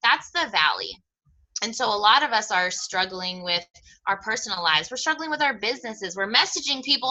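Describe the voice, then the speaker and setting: A woman's voice: on the high side, expressive, brisk, pushed and bright, rough recording. A woman coach giving a motivational talk to her team, candid and emphatic, with mild swearing and self-deprecating humor.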